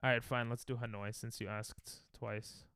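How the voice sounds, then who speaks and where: A man's voice: medium pitch, little pitch movement, normal speed, fairly bright tone, smooth, no room sound, clean studio sound. A young American man streaming a geography guessing game, thinking aloud and trash-talking his chat. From United States. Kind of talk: casual live-stream chatter while playing.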